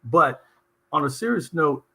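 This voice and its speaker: Middle-aged host from socal, husky and punchy, tells stories, kinda high voice. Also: male voice, a little slow. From Southern California. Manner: animated and emphatic, telling anecdotes. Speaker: talk show host. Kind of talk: conversational interview storytelling.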